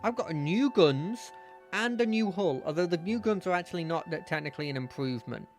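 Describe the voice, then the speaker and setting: A man playing through a video game, casually thinking out loud and reading the game's narration aloud. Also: a little high, lively intonation, a little fast, faint music behind. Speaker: gamer. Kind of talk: let's play commentary and reading game text.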